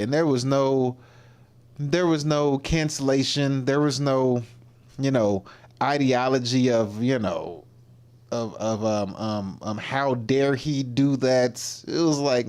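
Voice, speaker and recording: A man casually commenting on clips during his livestream, rambling and circling back as he searches for words. His voice sits at a middling pitch, neither high nor low. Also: a little mellow, clean tone. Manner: rambling, with lots of fillers and restarts. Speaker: livestream host.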